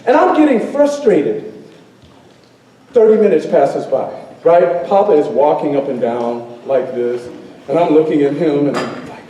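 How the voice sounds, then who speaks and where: An animated man storyteller performing live in a school auditorium, playful and calling out to his audience. His voice swoops high and low with a mellow tone. The hall is very echoey and the mic sits far off. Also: a little slow, slight background noise. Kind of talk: live oral storytelling with call and response.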